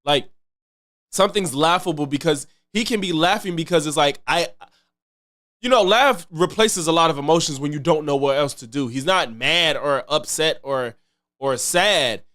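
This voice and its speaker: A man's voice: a little high, normal speed, a bit bright. A man commenting casually on a live stream, loose and chatty, repeating himself and thanking viewers. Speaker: streamer reacting to clips.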